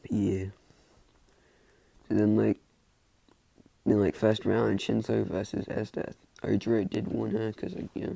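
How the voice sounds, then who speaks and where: Gravelly low-voiced man rambling a story. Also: little pitch movement, measured pace, pauses often, mellow, slight background noise. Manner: rambling, constant filler words. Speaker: fan fiction storyteller. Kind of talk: casual improvised storytelling.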